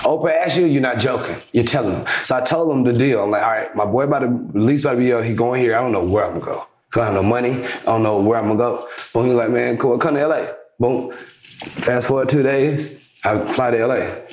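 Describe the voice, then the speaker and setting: A young man telling a story casually as a podcast guest, lively, acting out the back-and-forth he describes. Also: medium pitch, fast, reverberant. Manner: animated storyteller acting out quoted exchanges. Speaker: podcast guest, basketball influencer.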